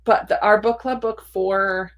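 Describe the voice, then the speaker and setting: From her home attic, a booktuber hosts a cozy reading livestream, reading viewers' comments aloud and laughing often between them. Her voice is medium in pitch with fairly even intonation and a measured pace.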